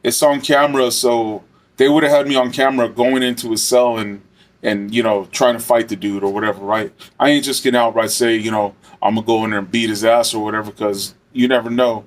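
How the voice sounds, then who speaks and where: A man's voice: medium pitch, steady tone, a little fast. A man and former correctional officer telling a casual story, rambling and swearing with lots of fillers. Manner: rambling, profane, many fillers.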